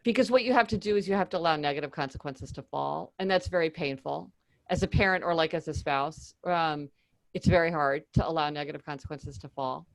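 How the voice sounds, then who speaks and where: Animated woman author on a call. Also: deep voice, brisk, gravelly, poor audio. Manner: animated, acts out quoted dialogue. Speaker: author guest. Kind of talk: conversational interview.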